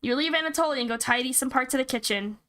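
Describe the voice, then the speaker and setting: A woman's voice: high voice, fast talker, bright, forceful tone. A woman streamer reading a horror visual novel aloud and reacting with startled outbursts. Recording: game music behind.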